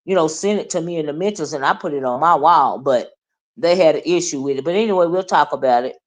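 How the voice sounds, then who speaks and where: A woman's voice: sits low, quick pace. A woman hosting a casual livestream, chatting with viewers, greeting them by name and asking "right?" often. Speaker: livestream host.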